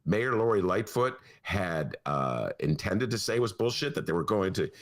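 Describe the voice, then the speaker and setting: A man's voice: sits low, sing-song, moderate pace. A man hosting a podcast in casual chat, rambling through tangents with a self-mocking storyteller's manner. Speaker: podcast host.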